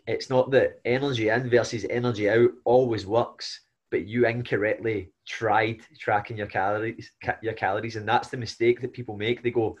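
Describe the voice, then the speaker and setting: A man's voice: on the low side, fairly even intonation, normal speed. A man hosting a casual podcast as a fellow coach, chatty and agreeable, building on his guest's points. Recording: dull lo-fi audio.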